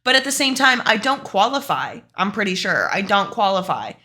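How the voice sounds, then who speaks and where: A young adult woman streamer ranting casually to her chat, profane and emphatic. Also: mid-range voice. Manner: profane, animated, fast and emphatic.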